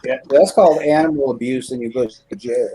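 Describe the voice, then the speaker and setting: A man's voice: medium pitch, fairly quick, background noise. A man, a guest on a music podcast, chatting casually, joking and swearing freely. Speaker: interview guest, music creator. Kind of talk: casual profane podcast chat.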